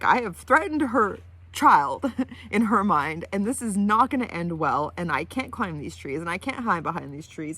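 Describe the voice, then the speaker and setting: A woman telling a story in a casual vlog, animated, with many "like" fillers. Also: medium pitch. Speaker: vlogger. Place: in her van.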